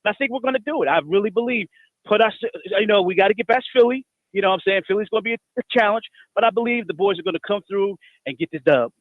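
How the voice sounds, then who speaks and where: High male caller on a tinny phone line. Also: rapid-fire, no echo. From New Jersey. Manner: heartfelt, stumbling. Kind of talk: phone-in call.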